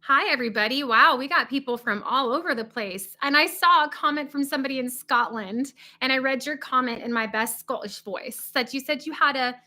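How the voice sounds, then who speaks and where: A woman hosting a casual livestream from a cabin, chatty and excitable, talking without her usual podcast microphone. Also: high-pitched, fairly quick, hardly any pauses. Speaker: livestream host. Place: indoors in a cabin. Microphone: not her usual podcast microphone.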